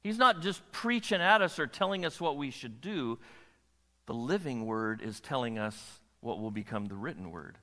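A man preaching a sermon as a pastor, animated and often checking in with the audience. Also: medium pitch, moderate pace, big-room sound. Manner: animated, asks the audience questions.

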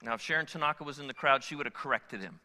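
A man's voice: mid-range voice, expressive, racing, pushed and bright. A middle-aged man preaching a sermon to his congregation, conversational and joking with people in the pews. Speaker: pastor. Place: church sanctuary with congregation. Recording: long hall reverb.

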